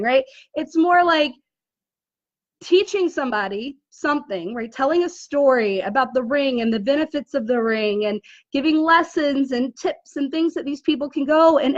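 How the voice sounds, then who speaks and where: Woman, 40s, business coach, high-pitched and chatty, dry dull recording. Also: dry recording. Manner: chatty, animated, says "right?" often. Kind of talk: casual live video talk. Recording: dull, muffled dry audio.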